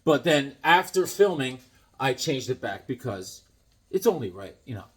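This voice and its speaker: Excitable goofy man unboxing comics. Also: medium pitch, normal speed. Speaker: comics vlogger unboxing a package. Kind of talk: casual unboxing vlog.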